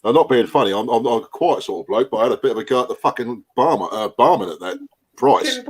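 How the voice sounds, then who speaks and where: Man, quick banter, a bit sweary, mid pitch, casual video-call chat. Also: expressive. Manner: chatty, swears freely. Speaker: hangout participant. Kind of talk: casual chat over drinks.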